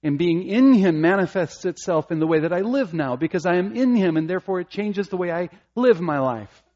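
A middle-aged man preaching a sermon, earnest and emphatic, rising to passionate peaks and dropping to soft, intimate asides. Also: high-pitched, lively intonation, brisk, lo-fi sound. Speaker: pastor.

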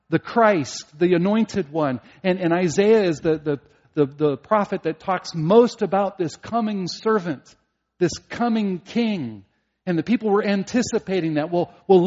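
A man preaching a sermon as a pastor, earnest, at times rising to emphatic preaching and at times dropping quiet. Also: sits high, dull audio.

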